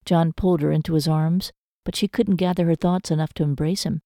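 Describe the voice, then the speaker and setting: A woman narrating a romance novel audiobook in a measured, emotive storytelling manner. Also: deep voice, fairly even intonation, dark tone, dry recording, studio quality.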